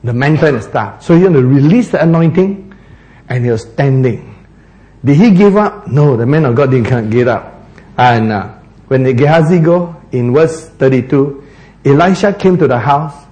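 A man's voice: medium pitch, expressive, moderate pace, warm tone, muffled recording. A man preaching a sermon, telling the story with animation, laughing often and acting out the characters.

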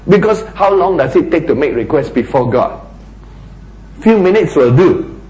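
A man preaching a sermon, asking rhetorical questions and dropping to a hushed voice for emphasis. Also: high-pitched, very animated, unhurried, reverberant, rough recording.

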